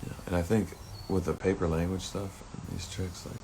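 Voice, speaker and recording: Deep-voiced man on a rambling rant. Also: little pitch movement, fairly quick, gravelly, background noise. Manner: rambling, swears often, heated and emotional at times. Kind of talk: rambling personal monologue.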